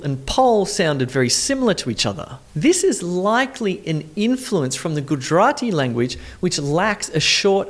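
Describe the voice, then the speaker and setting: An accent coach giving a scripted explainer, talking clearly and asking the viewer questions. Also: mid-range voice.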